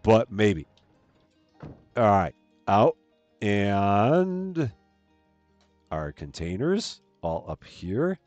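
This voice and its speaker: A man hosting a gaming livestream, chatting casually and rambling while he plays, his voice jumping up high and loud when he greets viewers. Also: lively intonation, extremely slow, long pauses, no echo. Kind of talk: casual gameplay commentary. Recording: dry close mic with faint game music behind.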